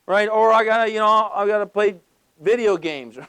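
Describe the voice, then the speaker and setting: A man giving a passionate motivational business speech to a live audience, emphatic and full of rhetorical questions and rapid-fire lists. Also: high-pitched, a bit bright, smooth. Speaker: motivational speaker.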